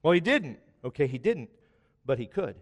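A man's voice: fairly high pitch, big pitch swings, moderate pace. A man in his forties preaching a sermon as pastor, telling stories with joking asides. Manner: conversational storytelling with joking asides. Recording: long reverb of a large hall.

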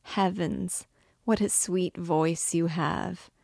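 A woman voicing a half-mad older mother in a dramatic novel reading, gushing and tender with a slow, gravelly delivery. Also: on the low side, fairly even intonation, darkish tone, dry recording, clean studio sound, exaggerated voice. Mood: doting. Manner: tender, gushing, rising to frantic.

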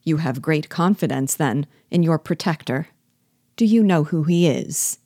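Brief: woman reading a low-voiced, obsequious yet scheming male rebel chief; audiobook, dry mic. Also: animated, unhurried, warm tone, no room sound, heavily acted. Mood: sardonic. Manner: sly, falsely frank, obsequious.

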